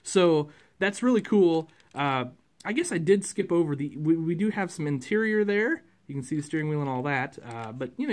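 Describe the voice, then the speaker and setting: Guy rambling about a toy truck, kinda high voice, lots of ums and little laughs. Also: expressive, fairly quick, darkish tone. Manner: rambling, chatty, with frequent fillers and chuckles. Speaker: toy collector reviewing a model truck. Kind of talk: casual unscripted review.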